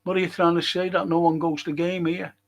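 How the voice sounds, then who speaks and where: A man's voice: a little high, flat delivery, quick pace, rough recording. A man hosting a casual livestream chat, reading out viewer comments and ranting bluntly with plenty of swearing. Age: older.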